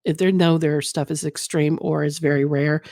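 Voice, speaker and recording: Woman guest, low voice, candid and rambling, casual podcast talk, dry sound. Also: fairly even intonation, moderate pace, warm tone, dry recording. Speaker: guest, former phone sex operator.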